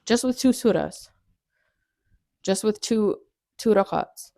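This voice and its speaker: A woman's voice: medium pitch, animated, slow pace, gravelly, mellow, no echo, studio quality. A young woman hosting her own podcast, telling a personal story in an earnest, chatty way, full of "like" and frequent laughs. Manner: earnest, chatty, heavy use of "like", laughs often. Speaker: podcast host.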